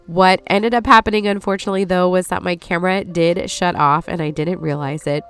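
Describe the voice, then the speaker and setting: A woman's voice: lowish voice, clean tone. A woman in her forties with a stuffy, nasal voice from allergies, chatting viewers through a recipe as a lifestyle host. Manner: chatty, apologetic, warm asides to viewers. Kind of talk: casual recipe voice-over. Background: soft background music.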